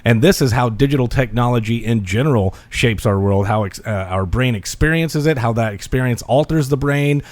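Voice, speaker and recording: A man co-hosting a teachers' podcast, reacting with quick interjections in casual chat. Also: medium pitch, no echo. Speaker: podcast co-host.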